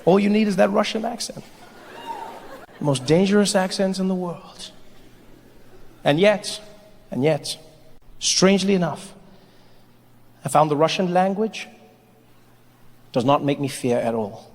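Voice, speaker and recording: Male comic, high and lively, performing in a big echoey theater. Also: measured pace, vocal fry, long pauses. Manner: animated, acts out voices. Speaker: stand-up comedian. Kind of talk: stand-up comedy. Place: large live theater. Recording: echoey hall, faint crowd.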